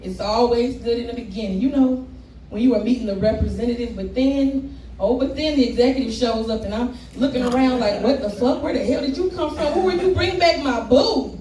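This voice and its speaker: A woman's voice: on the high side, fairly quick, mellow. Blunt, rhythmic woman poet, echoey room. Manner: rhythmic, blunt and profane, with laughing asides to the crowd. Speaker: spoken word poet. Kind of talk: live spoken word poetry performance. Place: live poetry event room with an audience. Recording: echoey room, distant mic, background noise.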